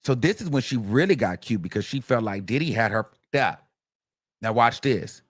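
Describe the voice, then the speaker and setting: A man hosting a casual gossip commentary, recapping courtroom testimony in an animated, chatty way. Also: mid-range voice, normal speed, no echo, clean studio sound. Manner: animated, gossipy, acts out quoted texts in a raised voice. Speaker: commentary host.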